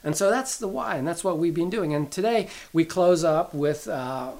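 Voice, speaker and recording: A man's voice: fairly high pitch, animated, normal speed, darkish tone. A middle-aged man giving an earnest, sermon-style Bible teaching, repeating key phrases for emphasis as he tells a family story.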